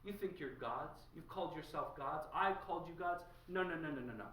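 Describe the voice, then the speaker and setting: A man voicing an angry male God who bursts in and throws out rulers who think they are gods. He shouts dismissive orders. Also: medium pitch, animated, moderate pace, slight background noise, voice pushed down, close to an everyday voice. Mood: commanding. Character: furious male God evicting self-made god-kings. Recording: echoey room, distant mic.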